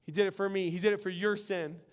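Middle-aged guy preaching, real high voice, talks like he's just chatting and telling stories. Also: steady tone, fast talker. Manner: earnest, conversational preaching with storytelling. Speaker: pastor. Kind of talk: sermon.

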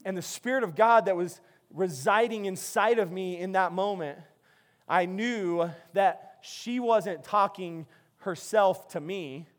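A man preaching a sermon, telling a story with animated, restart-filled delivery. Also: sits high, slow pace. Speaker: pastor.

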